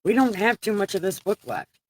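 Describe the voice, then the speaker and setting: A woman hosting a casual Bible reading livestream, candid and profane, getting emotional and close to tears as her voice swings between loud outbursts and quiet moments. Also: medium pitch, a little fast, breathy edge.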